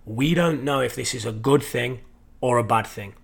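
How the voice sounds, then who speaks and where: A man voicing a calm, wise father in a spoken parable, speaking in a measured way. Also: mid-range voice, gravelly, breathy edge. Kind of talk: storytelling.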